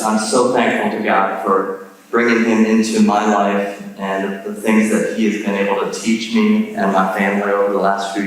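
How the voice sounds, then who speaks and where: A man's voice: fairly low pitch, slight background noise. Man, guest lecturer, chatty, self-deprecating, echoey hall, distant mic. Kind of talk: conversational lecture. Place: large church sanctuary.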